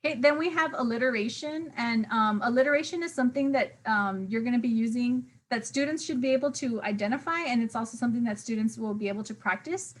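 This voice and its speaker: A woman's voice: on the high side, fast talker, few pauses. A young woman teacher giving a casual recorded review lecture to interns, with frequent fillers and "right?" check-ins. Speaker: teacher trainer.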